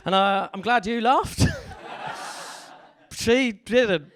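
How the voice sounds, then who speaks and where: An English man performing stand-up comedy, his voice sitting a little high for a man. He rambles and stumbles through restarts and fillers, poking fun at himself as he goes. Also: very slow, fairly bright tone. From England. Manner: rambling, self-deprecating, hesitant with fillers and restarts. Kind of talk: live stand-up comedy set.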